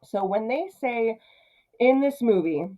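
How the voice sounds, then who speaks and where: A young woman giving casual film commentary, chatty and quick to slip into character voices. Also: a little high, expressive, mellow, poor audio. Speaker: film reviewer.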